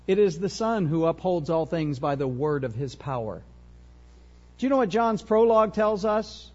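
A man preaching an expository sermon, emphatic and animated, full of rhetorical questions. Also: sits high, dull audio.

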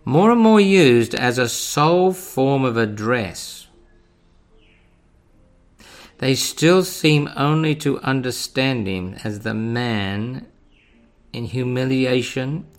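A man preaching a sermon in an earnest, measured way, rising to emphatic stresses. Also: mid-range voice, vocal fry.

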